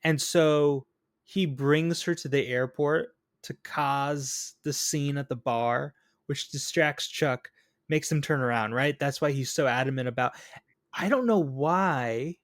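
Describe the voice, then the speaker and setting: A man's voice: mid-range voice, slow pace, no echo, clean studio sound. A man co-hosting a podcast, chatting casually about a film and acting out its lines. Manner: animated, acts out quotes from the film. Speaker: podcast co-host. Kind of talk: casual chat.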